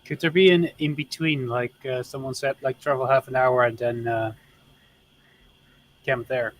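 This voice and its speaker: A man's voice: mid-range voice, steady tone, moderate pace. A man playing in an online tabletop game, speaking hesitantly with lots of ums and uhs. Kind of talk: casual table talk.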